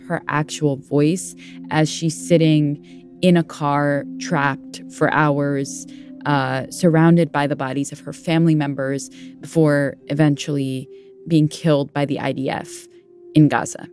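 A woman's voice: low-pitched, fairly even intonation, unhurried, darkish tone, faint music behind. A woman co-hosting a talk podcast, thinking aloud in a casual, chatty way. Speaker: podcast co-host. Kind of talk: conversational radio chat.

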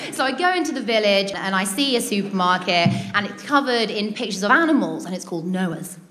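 A woman's voice: mid-range voice, lively intonation, fairly quick, sharp tone. A British woman telling a personal story to an audience in a chatty, amused, self-mocking way. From Britain. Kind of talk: personal anecdote told to a live audience.

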